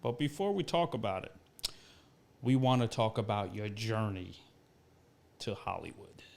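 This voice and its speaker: A male talk show host interviewing a guest, curious and quick to follow up with questions. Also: lowish voice, vocal fry, a little mellow.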